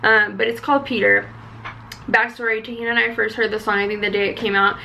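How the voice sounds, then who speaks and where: Excitable young woman, chatty vlogger; bright, forceful tone with a faint hiss behind her. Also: fast talker, creaky, rough recording. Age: young adult. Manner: chatty and excitable, high energy. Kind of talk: casual chat.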